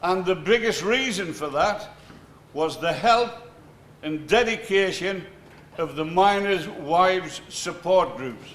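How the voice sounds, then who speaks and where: A man giving a formal commemorative speech in a measured, deliberate way. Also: on the high side, fairly bright tone. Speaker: speaker at plaque dedication. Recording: echoey room with faint noise.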